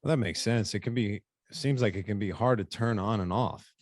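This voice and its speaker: A man's voice: lowish voice, fairly quick, dry recording, studio quality. A man hosting a casual podcast, asking loose, curious questions and swearing casually. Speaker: podcast host.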